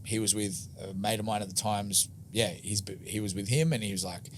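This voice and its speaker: Australian man guesting on a podcast, lowish voice, casual rambling storyteller who acts out dialogue, faint background noise. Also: little pitch movement, brisk. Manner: rambling, lots of filler "like", swears, acts out dialogue. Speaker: interview guest.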